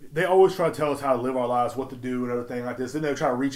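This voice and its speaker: A man's voice: mid-range voice, very fast, hardly any pauses, darkish tone. A man hosting a solo podcast, ranting in a heated, rambling and profane way. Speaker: podcast host.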